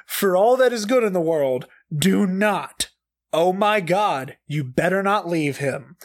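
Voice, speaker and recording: A high-pitched man reads aloud with slow, drawn-out delivery and theatrical outrage. He swears freely and breaks into laughter often. His desk mic sits pushed back and turned down. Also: animated. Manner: profane, over-the-top and laughing often. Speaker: comedic reader. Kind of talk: dramatic comedic reading.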